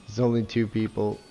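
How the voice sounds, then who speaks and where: This gameplay reviewer has a lowish, dark-toned male voice. He plays and reviews a game with casual, swear-filled, sarcastic commentary and mocking laughter.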